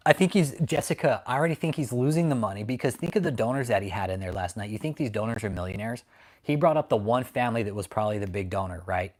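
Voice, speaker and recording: A man hosts a livestream, ranting casually at his critics and reading chat in a profane, mocking, confrontational manner. His voice is on the low side and a little mellow, and he talks fast.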